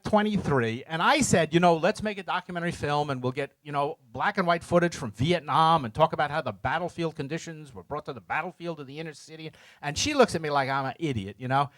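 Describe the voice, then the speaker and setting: Animated high-voiced man telling a story. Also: no room sound. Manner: animated, acts out voices and sounds in his stories; self-mocking, jokes with the audience. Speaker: speaker telling a story to an audience. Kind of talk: lively storytelling talk to a live audience.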